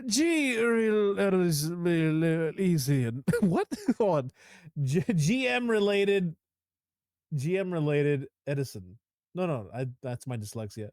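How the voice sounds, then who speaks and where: A young man with a high, lively voice talks through a movie review with a friend, laughing often and swearing freely. The sound is dry and close, with no room around it. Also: measured pace, dry recording. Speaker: podcast co-host. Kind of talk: casual movie review chat.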